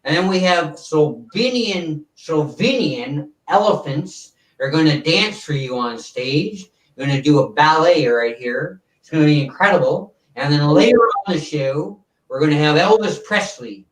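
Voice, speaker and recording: A man's voice: a little high, expressive, unhurried, few pauses, slight background noise. A man putting on a stiff, showy older TV variety host who announces his acts in a stagey voice. The sound is roomy and a little distant from the mic.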